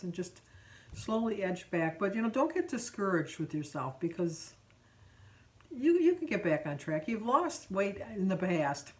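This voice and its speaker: A woman's voice: fairly low pitch, far from the mic. Chatty woman vlogging, a bit off-mic. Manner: rambling, chatty, with frequent ums and self-corrections. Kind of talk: casual vlog chat.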